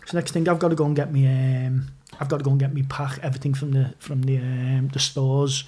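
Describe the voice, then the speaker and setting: A man's voice: medium pitch, flat delivery, fairly quick, dark tone. A man with a Scouse accent, a podcast guest telling rambling anecdotes with lots of swearing and restarts. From Liverpool. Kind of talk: casual storytelling.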